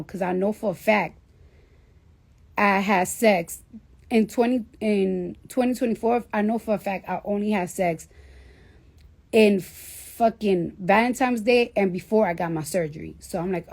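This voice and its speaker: A celebrity in her thirties tells a personal story on a livestream, speaking casually, bluntly, and profanely with lots of fillers. Her medium-pitched voice is gravelly and darkish, and she talks a little slowly.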